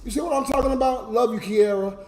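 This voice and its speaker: A drunk man, a livestreamer and YouTube comedian, cries and rants to his chat in an emotional, slurred way. His voice is very high-pitched, quick and darkish in tone, with slight background noise.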